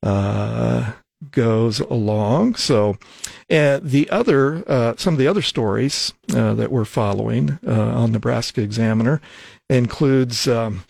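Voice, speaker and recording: Radio host, man, gravelly low voice, halting and full of "uh"s, dry studio sound. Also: darkish tone, dry recording. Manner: halting, many fillers and restarts. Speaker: radio talk show host. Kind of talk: casual radio talk. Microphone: studio microphone.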